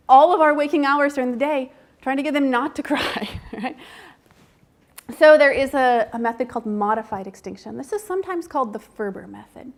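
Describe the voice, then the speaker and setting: A woman researcher giving a seminar talk in a conversational manner, often checking in with the audience with tag questions. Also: high voice. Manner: acts out parents' lines in a soft whisper.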